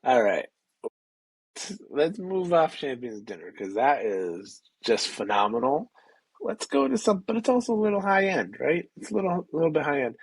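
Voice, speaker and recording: A man's voice: a little high, big pitch swings, normal speed, slightly rough, no echo, poor audio. A man co-hosting a podcast, chatting casually in an easygoing, agreeable way and moving the show along. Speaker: podcast co-host.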